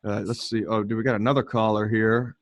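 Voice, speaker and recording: A man hosting a podcast, chatting casually and joking deadpan. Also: lowish voice, a little fast. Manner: laid-back, deadpan joking. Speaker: podcast host.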